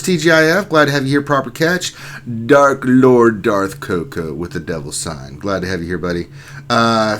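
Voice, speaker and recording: A man's voice: mid-range voice, a bit bright, slight background noise. A man hosting a casual livestream, reading out chat names and greeting viewers one by one. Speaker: livestream host.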